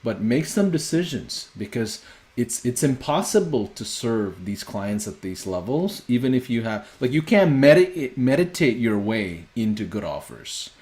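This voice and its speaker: A man hosting a sales workshop, talking fast and pressing his points with repetition. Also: medium pitch, sing-song, darkish tone. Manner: fast-paced, urgent, repetitive emphasis. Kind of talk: motivational teaching.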